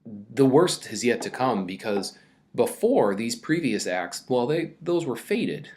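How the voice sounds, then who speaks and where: A man's voice: mid-range voice, sing-song, unhurried, a little mellow. A man teaching a casual recorded mini-lecture, talking loosely with many fillers and reading quoted passages aloud with more energy.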